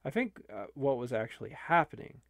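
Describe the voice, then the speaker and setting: A man's voice: mid-range voice, big pitch swings, a little fast, gravelly, fairly bright tone, no room sound, studio quality. A man, an online video creator, talking casually and rambling with many restarts.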